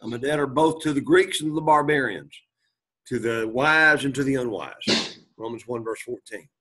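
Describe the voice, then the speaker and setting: A man teaching a Greek class, reading Greek aloud, translating it and quizzing his students, often clearing his throat. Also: medium pitch, moderate pace, bright, forceful tone. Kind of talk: classroom lecture.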